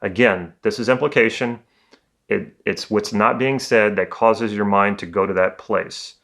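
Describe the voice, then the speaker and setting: A man working as a communication coach, giving a calm, conversational educational talk. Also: on the low side, measured pace, gravelly.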